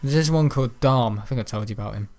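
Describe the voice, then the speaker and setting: A man's voice: medium pitch, fast talker, darkish tone. A young man who is ill, chatting in a rambling way with many ums during gameplay commentary. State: ill, unwell. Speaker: gaming channel host.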